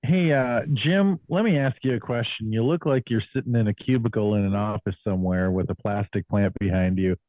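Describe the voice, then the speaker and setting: A man's voice: on the low side, fairly quick, hardly any pauses, no echo, narrow, tinny audio. A man hosting a podcast, asking questions and teasing his guests in a casual, joking way. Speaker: podcast host.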